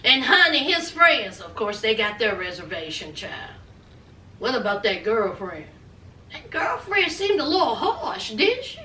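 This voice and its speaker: A high, bright-voiced woman recaps a reality show like gossip with a friend, sassy and chatty, tossing in honey and child. She sounds a bit away from the mic in an echoey room. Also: very animated, a little slow, far from the mic, slight background noise. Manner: chatty gossipy storytelling with laughs. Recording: roomy echo, voice off-mic.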